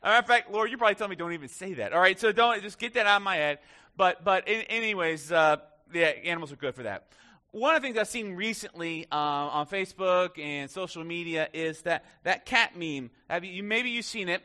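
A man's voice: sits high, brisk, pushed and bright. A male pastor giving a conversational sermon in church, joking with the congregation.

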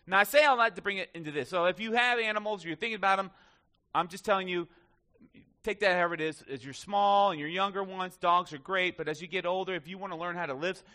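A man's voice: high voice, quick pace, pushed and bright. A male pastor giving a conversational sermon in church, joking with the congregation.

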